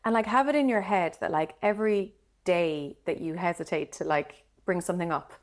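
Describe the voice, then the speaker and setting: A woman's voice: fairly low pitch, moderate pace. A woman with an Irish accent co-hosting a podcast, giving direct, encouraging advice in casual chat. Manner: encouraging, direct, says "like" often. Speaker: podcast co-host.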